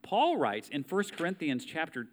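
A man's voice: on the high side, huge pitch swings, normal speed. A man with an American accent preaching a sermon in a conversational way, reading scripture aloud and asking the listeners rhetorical questions. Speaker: pastor.

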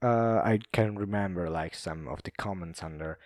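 A man's voice: deep voice, moderate pace, darkish tone, no echo, studio quality. A young Italian man with an Italian accent, rambling casually in a monologue, laughing often and full of fillers and restarts. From Italy.

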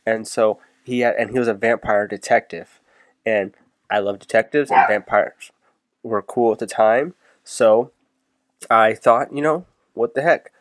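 Laid-back, congested young man, lowish voice. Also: measured pace. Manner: laid-back, wry, repeats his words when starting a thought. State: recovering from illness, congested. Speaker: podcast co-host. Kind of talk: casual chat.

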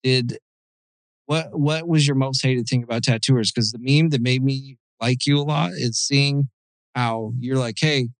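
A man's voice: medium pitch, unhurried, no echo, rough recording. A man hosting a casual podcast chat, telling profane stories and acting out quotes from customers and coworkers. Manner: profane, animated storytelling with mimicked quotes. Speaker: podcast host, tattooer.

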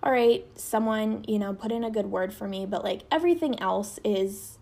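A woman's voice: normal speed, creaky, darkish tone. A young woman in her twenties hosting a podcast, telling a personal story in a chatty way, full of fillers, her voice jumping up whenever she quotes people. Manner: chatty, lots of fillers, voice jumps high when quoting. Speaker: podcast host. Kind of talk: casual storytelling.

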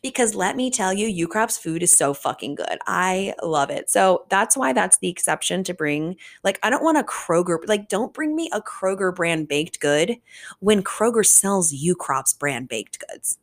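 A woman in her twenties from the Richmond, Virginia area, hosting a podcast in casual solo chat, animated and swearing freely. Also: fairly low pitch, moderate pace. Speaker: podcast host.

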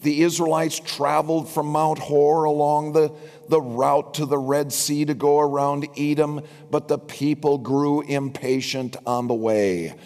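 A man's voice: fairly high pitch, level tone, a little slow, a little mellow. An older man preaching a sermon as pastor, with wry asides to his congregation. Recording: long reverb from a large hall.

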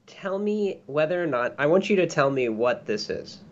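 A man's voice: fairly high pitch, lively intonation, normal speed, slight background noise. Playful laid-back man on a lo-fi call. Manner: playful, laid-back, says "bro" a lot. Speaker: podcast co-host. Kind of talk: casual chat. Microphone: video call. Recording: lo-fi online call audio.

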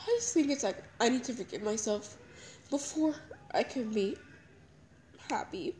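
A young woman crying as she talks through her feelings in a halting, repetitive confessional monologue. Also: on the high side, lively intonation, a little mellow, slight background noise, low-quality recording. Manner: halting, emotional, repeats herself. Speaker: podcast host.

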